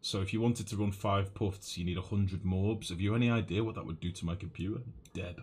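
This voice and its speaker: A man's voice: low-pitched, steady tone, fairly quick, darkish tone, a little hiss or hum. A young northern English man live-streaming a game, thinking aloud and chatting casually with viewers, calling them mate. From northwest England. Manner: thinks aloud, chats with chat, calls people mate.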